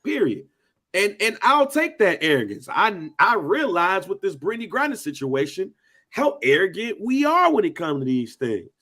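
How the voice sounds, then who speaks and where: A man with an American accent chatting casually on a podcast, slangy and animated, acting out quotes in voices. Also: sits high, moderate pace. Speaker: podcast co-host.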